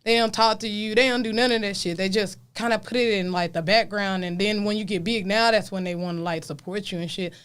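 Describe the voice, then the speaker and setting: A woman's voice: mid-range voice, steady tone, a little fast, few pauses, fairly bright tone, clean tone. Blunt, profane woman hosting a podcast. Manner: blunt and profane, asks probing questions. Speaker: podcast host. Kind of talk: casual podcast chat.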